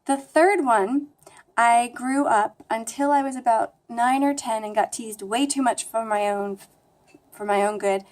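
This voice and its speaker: Young woman vlogger, flat American accent, slightly high, self-deprecating and chatty. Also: measured pace. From United States. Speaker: language vlogger. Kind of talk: casual talking-to-camera vlog.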